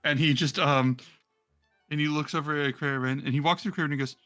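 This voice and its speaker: Bright-voiced man running a tabletop game. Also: fairly high pitch, fairly even intonation, brisk, soft background music. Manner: rambling, many ums and restarts. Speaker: game master.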